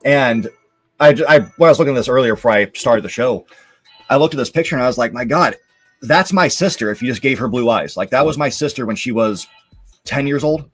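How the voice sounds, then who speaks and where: A young man talks loosely on a live show, drifting through thoughts with plenty of fillers. His voice sits at an ordinary middle pitch. Soft music plays faintly underneath. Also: a little fast. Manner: relaxed, rambling, lots of fillers. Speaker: show host. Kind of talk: casual live-stream commentary.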